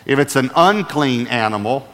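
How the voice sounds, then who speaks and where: A man's voice: mid-range voice, animated, normal speed, a bit bright. Male pastor with a mid-range voice, preaching an emphatic sermon in a large church auditorium with a long reverb tail. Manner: emphatic, repeats key phrases.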